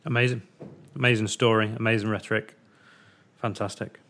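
A man's voice: lowish voice, flat delivery, a little fast, a bit bright. Male interviewer, short prompts. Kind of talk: interview questions.

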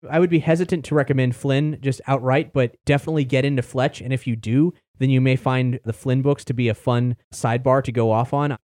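A man's voice: medium pitch, fairly even intonation, a little fast, few pauses, darkish tone, no room sound, studio quality. A man hosting a podcast, talking in a rambling, chatty way and casually swearing. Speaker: podcast host. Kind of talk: casual chat.

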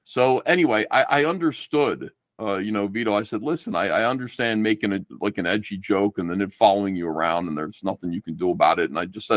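A middle-aged man talking casually as a podcast guest and acting out quoted exchanges as he goes. His voice swings widely in pitch. The recording is dry, with no room sound. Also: quick pace, few pauses, no echo. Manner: animated, swearing, acts out quoted exchanges.

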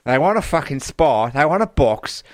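A man voicing a foul-mouthed female wildlife carer in a put-on Australian accent, blunt and rough. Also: a little high, sing-song, moderate pace, no room sound, voice pushed up. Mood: crude, emphatic. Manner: swears constantly, blunt and rough.

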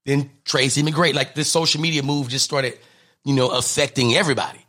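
A man, a comedian, telling animated stories in an interview, acting out the people he quotes. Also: medium pitch, fairly quick. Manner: lively, acts out quotes in different voices. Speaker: comedian and guest.

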